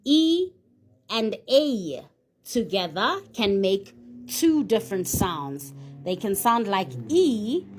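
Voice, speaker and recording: A woman's voice: medium pitch, big pitch swings, slow, slight background noise. A woman teaching a phonics lesson, sounding out each letter and then saying the whole word. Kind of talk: slow, deliberate phonics lesson.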